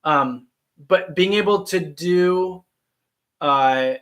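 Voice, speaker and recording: This clip has a professional actor on a casual livestream, answering viewers' messages and poking fun at himself in a chatty way. His voice is high and fairly bright, and he speaks very slowly.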